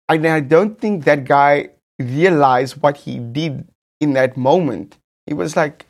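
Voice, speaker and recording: This man's voice is a little high and gravelly, and he takes his time. He hosts a podcast with a South African English accent, recounting a personal story in a lively, camp, casual style and repeating phrases for emphasis.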